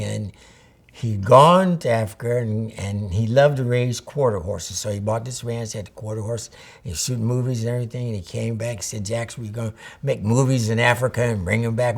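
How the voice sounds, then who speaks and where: Gravelly older man telling stories. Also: medium pitch. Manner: rambling storyteller, acts out old conversations. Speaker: photographer interviewee. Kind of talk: reminiscing interview.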